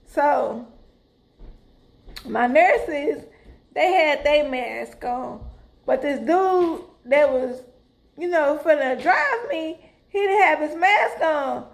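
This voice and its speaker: A middle-aged woman tells a story straight to her viewers. Her voice sits high and she talks in a lively, dramatic way, calling out to them as "y'all". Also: slow pace, vocal fry, pauses often. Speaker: vlogger. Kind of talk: casual storytelling to camera.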